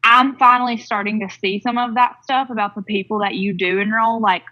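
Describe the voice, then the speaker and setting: A woman's voice: mid-range voice, fairly even intonation, fairly quick, pushed and bright, highs cut off. A woman chatting casually, rambling with lots of fillers. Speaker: MLM team member. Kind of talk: casual chat.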